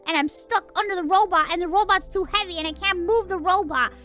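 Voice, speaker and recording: A woman's voice: extremely high pitch, brisk, sharp tone, pitched above the performer's own voice. A woman voicing her anxious mother, who frets over worst-case scenarios. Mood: worried. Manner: alarmed, worst-case fretting. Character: anxious middle-aged mother, fearful.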